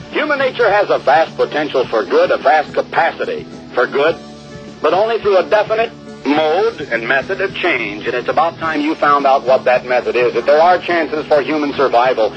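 A man's voice: medium pitch, highs cut off. A man preaching a radio sermon, emphatic and drawing out key words for stress.

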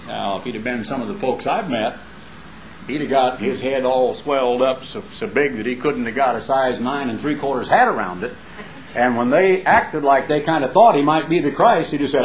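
A man's voice: medium pitch, brisk, poor audio. A man preaching a sermon in a folksy, emphatic way, building up with rhetorical questions and homespun asides.

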